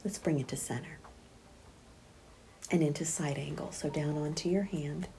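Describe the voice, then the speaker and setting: A middle-aged woman teaching a prenatal yoga class, speaking gently and softly, often half-whispered, and counting breaths aloud. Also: low voice, moderate pace, creaky. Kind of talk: guided yoga class instruction.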